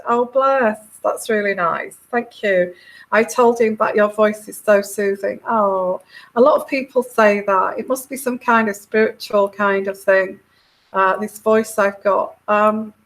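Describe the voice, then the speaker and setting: A woman's voice: fairly high pitch, a bit bright, poor audio. A middle-aged woman with a British accent hosting a casual tarot livestream, chatting and reading out viewer comments in a meandering, hesitant way full of fillers.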